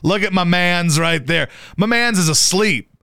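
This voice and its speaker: A man hosting a radio show, chatting casually about sports in a profane, animated way and jumping into high yelps to mimic people. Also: measured pace, gravelly, smooth, dry recording, clean studio sound. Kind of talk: casual sports talk banter.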